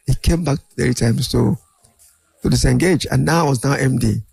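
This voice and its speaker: An older man, a guest in an interview, telling animated anecdotes and acting out other people's voices. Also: mid-range voice, a little fast, creaky, slightly rough. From Nigeria. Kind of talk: storytelling interview.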